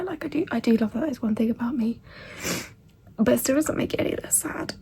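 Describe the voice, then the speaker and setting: A woman vlogging about a book she is reading, tearful and crying, often dropping into breathy half-whispers and trailing off. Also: a little high, fairly quick, dark tone, a little hiss or hum. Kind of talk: emotional reading vlog chat.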